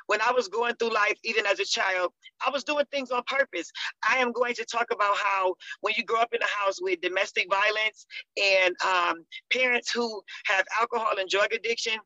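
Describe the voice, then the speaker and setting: A woman's voice: medium pitch, pushed and bright, dry recording. A woman, a contributing author, sharing her personal story in an earnest, conversational way. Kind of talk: personal testimony. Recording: dull, dry sound.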